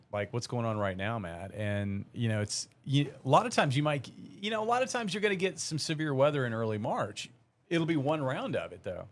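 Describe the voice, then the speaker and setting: A man, a meteorologist on a live weather broadcast, explaining the seasonal outlook in a rambling way with many fillers. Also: mid-range voice.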